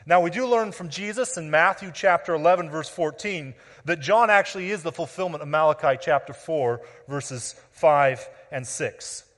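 A man's voice: a little high, moderate pace, few pauses, fairly bright tone. A man preaching a sermon, explaining scripture and often restarting with repeated words. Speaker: pastor. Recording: long reverb of a large hall.

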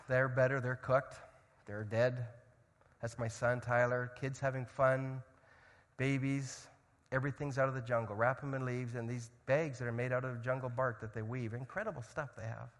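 A man preaching a sermon as a missionary, swinging from loud urgency to hushed storytelling. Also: mid-range voice, long reverb tail. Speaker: missionary speaker.

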